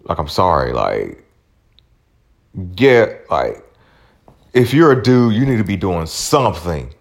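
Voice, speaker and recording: A man's voice: low-pitched, sing-song, slow pace, gravelly. A man in his forties hosting a podcast, ranting bluntly with plenty of swearing. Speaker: podcast host. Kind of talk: casual profane rant.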